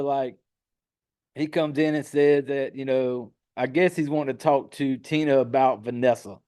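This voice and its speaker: A man's voice: mid-range voice, darkish tone. A man hosting a podcast, recapping a film in a casual, profane, sarcastic way with laughing asides. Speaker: podcast host.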